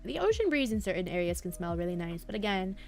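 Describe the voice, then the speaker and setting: A young woman streaming live, chatting softly and calmly, with a quiet, slightly mumbled way of talking and wandering thoughts. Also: medium pitch, quick pace, vocal fry, slight background noise. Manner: soft-spoken, mumbling, drifting thoughts. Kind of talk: relaxed live-stream chat. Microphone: headphones half off, desk mic.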